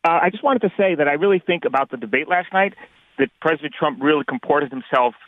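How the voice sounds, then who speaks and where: A man's voice: on the high side, animated, fast. A man in his fifties from New York calling in to a radio show, earnest and formal, hesitating with many fillers. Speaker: caller. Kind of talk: phone-in caller. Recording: tinny phone line.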